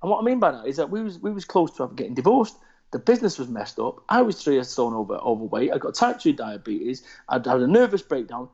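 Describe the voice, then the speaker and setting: A man's voice: medium pitch, brisk, slightly rough, highs cut off. A man, chatting bluntly and swearing freely as he tells stories about himself. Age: 40s. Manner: blunt, sweary, animated storytelling. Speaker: podcast guest. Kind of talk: casual chat.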